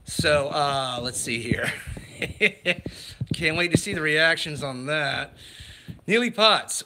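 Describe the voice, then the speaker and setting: Bright-voiced man chatting on a livestream. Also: on the high side. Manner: chatty, halting with fillers and restarts. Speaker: livestream host. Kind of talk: casual livestream chat reading comments.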